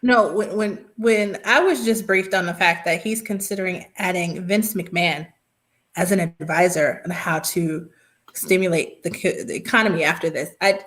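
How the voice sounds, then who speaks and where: A woman's voice: lowish voice, normal speed, a bit bright. A woman co-hosting a casual talk show, explaining things at length in a conversational way. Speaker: podcast co-host. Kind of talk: casual political chat.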